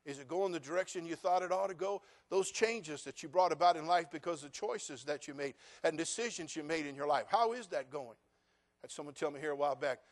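Higher-voiced preaching man. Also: a little fast. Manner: sarcastic, asks the congregation direct questions; swings from quiet asides to loud, rising preaching. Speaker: pastor. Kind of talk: sermon.

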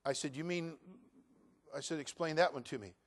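A middle-aged male pastor preaching a sermon, shifting from quiet storytelling to loud exhortation. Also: fairly high pitch, normal speed.

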